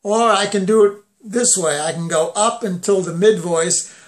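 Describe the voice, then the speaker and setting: A man's voice: high-pitched, normal speed. A man giving a voice lesson, explaining where he places the sound and breaking into sung phrases to demonstrate. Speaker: voice teacher.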